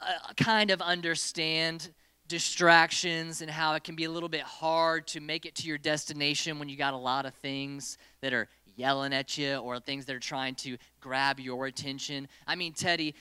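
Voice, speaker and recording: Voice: medium pitch, fairly even intonation, normal speed, bright, forceful tone, clean tone, dry recording. A youth group leader running a hands-on lesson in a meeting room, playfully giving stage directions to volunteers and the group.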